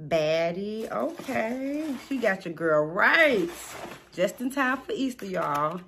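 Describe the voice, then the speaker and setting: A woman, chatting casually and excitedly as she unboxes gifts at home, calling out to viewers. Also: fairly high pitch, unhurried, background noise. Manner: excited, gushing, addresses viewers as y'all. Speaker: small business unboxing vlogger.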